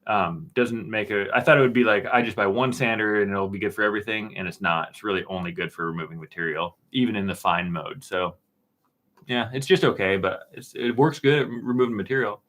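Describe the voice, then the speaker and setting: A man in his thirties, with a voice that sits somewhat low, answers viewers' questions on a live stream in a loose, unhurried way. He drifts between answers with fillers and restarts, chatting from his dark-painted studio room. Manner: relaxed, rambling, many fillers and restarts. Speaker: woodworking channel host answering live chat.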